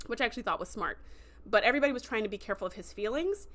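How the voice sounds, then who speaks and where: A woman's voice: fairly high pitch, lively intonation, fairly bright tone. Chatty enthusiastic woman reviewing a show. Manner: chatty and enthusiastic, many fillers, quick acted quotes. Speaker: show host recapping a TV episode. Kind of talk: casual livestream review.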